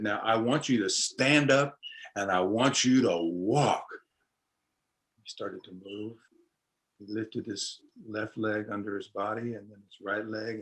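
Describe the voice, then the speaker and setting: Low-voiced man telling a folksy story. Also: poor audio. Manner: unhurried folksy storytelling, acting out voices lightly. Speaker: storyteller and musician.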